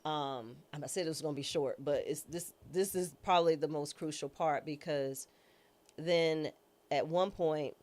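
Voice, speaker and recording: Her voice is deep and darkish as she talks at a normal speed. The woman, a judge and former public defender, shares her own story in the interview with candor, slang, drama and plenty of self-mockery.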